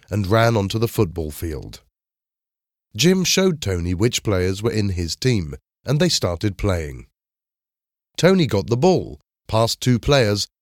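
A man narrating a children's story in a clear, measured reading style. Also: on the low side, a little mellow, dry recording, studio quality.

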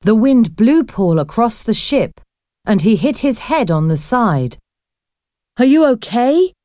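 A woman narrating a storybook in a clear, expressive reading voice. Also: medium pitch, unhurried, no echo, clean studio sound.

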